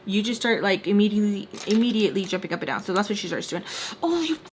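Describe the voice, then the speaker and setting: A young woman casually telling a story while doing her makeup, animated and full of fillers. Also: medium pitch, rapid-fire, slight background noise. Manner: animated, filler-heavy retelling with quoted voices. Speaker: storytime vlogger.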